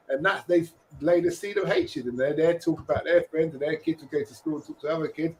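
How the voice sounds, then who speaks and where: Brief: man, podcast co-host, lively and joking, pitched a bit high. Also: a little fast, hardly any pauses, slight background noise, low-quality recording. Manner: animated, jokey, slips into quoted voices. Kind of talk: casual podcast discussion.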